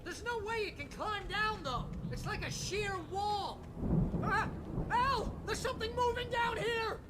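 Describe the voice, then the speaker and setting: An actor playing an excitable, loud, fast-talking male sidekick from New in a video game, speaking. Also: very high-pitched, very noisy. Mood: excited. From New York City.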